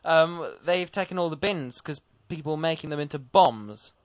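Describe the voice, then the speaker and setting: A man's voice: on the high side, normal speed, no room sound. A teenage boy co-hosting a casual comedic chat show, jokey and playful. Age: teens. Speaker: co-host.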